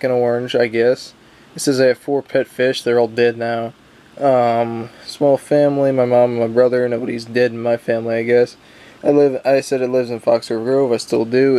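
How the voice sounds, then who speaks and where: A man's voice: medium pitch, a little mellow. A young man casually reading a book he made as a child, with wry asides and frequent ums. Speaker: YouTuber.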